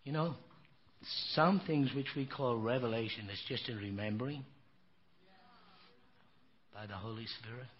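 An older man preaching in a folksy, emphatic storytelling manner, his voice at an ordinary middle pitch. The recording is dull and lo-fi, with faint noise underneath. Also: unhurried, pauses often. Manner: emphatic, folksy storytelling with frequent "you know". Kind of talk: sermon.

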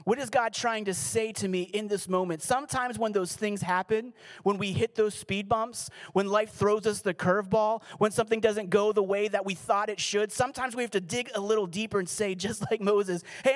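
A man, a pastor, preaching a sermon in an earnest, pleading way, slowing down and dropping to a near hush on key lines. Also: high voice.

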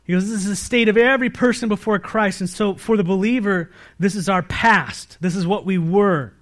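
An American man preaching a sermon from the pulpit, his voice sitting a little higher than most men's. He keeps asking the congregation questions and answering them himself. His delivery swings from loud, emphatic peaks down to quiet, low-voiced stretches. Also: moderate pace. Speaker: pastor.

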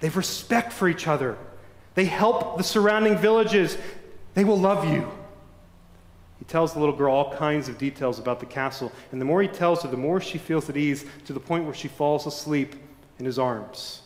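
A male pastor preaching a sermon in a church, dramatic and shifting between fervent and hushed. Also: fairly high pitch, moderate pace. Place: church sanctuary. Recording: echoey church hall.

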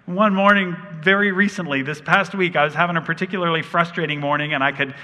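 A man's voice: a little high, fairly even intonation, fast, sharp tone. A man in his thirties preaching a sermon as a pastor, telling stories with humor and animation. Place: large church hall. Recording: long reverb of a big hall.

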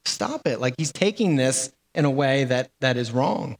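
A man's voice: medium pitch, lively intonation, moderate pace. Man preaching in an echoing hall. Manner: conversational, with fillers and repeated words. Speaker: pastor. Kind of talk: sermon.

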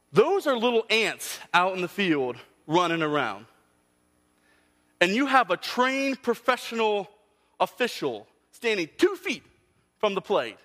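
A man preaching a sermon, telling stories with lively delivery and acting out voices. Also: sits high, in a large hall. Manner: animated storytelling, acts out voices. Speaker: pastor.

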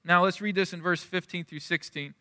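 A man's voice: sits high, steady tone, fairly quick, sharp tone, no room sound, studio quality, long reverb tail. A male pastor preaching a sermon in a conversational, storytelling way, often restarting his sentences.

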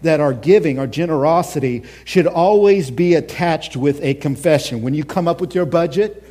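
A man preaching a sermon as a pastor, animated, swinging between loud mocking impressions and quiet earnest asides. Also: fairly high pitch, normal speed.

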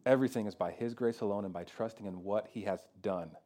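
A man preaching a sermon as pastor, talking casually with lots of "like" and "kinda," moving between loud emphatic peaks and quiet, low passages. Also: fast talker. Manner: conversational preaching with fillers like "kinda" and "like".

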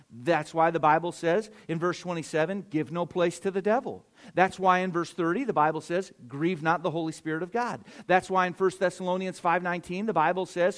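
A middle-aged man, a pastor preaching a sermon, swinging between loud emphatic surges and quiet asides. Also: fairly high pitch.

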